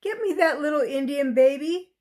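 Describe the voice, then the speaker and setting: A woman's voice: normal speed, darkish tone, natural voice. A woman doing a pleading little pioneer girl. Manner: begging, tearful, high.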